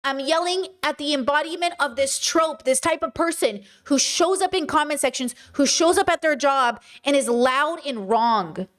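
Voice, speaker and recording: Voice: high voice, normal speed, hardly any pauses, fairly bright tone. A livestream host delivering an impassioned, profane lecture to viewers and answering chat comments along the way.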